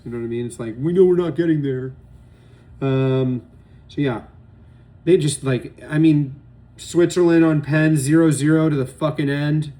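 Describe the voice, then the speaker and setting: A man's voice: a little high, normal speed, dark tone. A young man giving loose, opinionated solo commentary on football matches, rambling and swearing often. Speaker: sports podcast host. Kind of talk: casual solo sports commentary.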